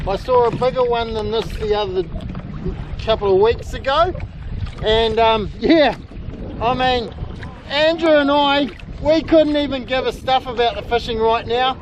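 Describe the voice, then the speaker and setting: A middle-aged man with a New Zealand accent, narrating an excited outdoor vlog from a kayak at sea and often calling out loudly. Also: very high-pitched, a little slow, low-quality recording. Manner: excitable, exclaiming, calls out loudly. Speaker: kayak fishing host. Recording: wind and water noise.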